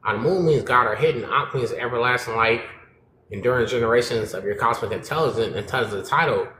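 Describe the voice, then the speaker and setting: A man on a live-stream panel talks in an animated, slangy, rambling way. His voice is bright and forceful. It comes over a call from a roomy, echoey space with a faint hiss behind it. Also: mid-range voice, a little fast. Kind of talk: casual chat.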